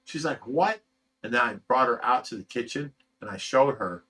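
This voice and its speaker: Brisk and sharp, a medium-pitched man from Ohio reads live chat as host of a fish rescue channel's casual stream. The middle-aged host tells rambling personal stories loaded with fillers and emotion.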